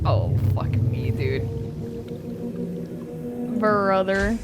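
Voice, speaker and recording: A young woman streaming a game live, excitable and laughing often, swearing freely and using casual gamer slang. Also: medium pitch, very slow, long pauses, over music. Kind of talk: live-streamed gameplay chat.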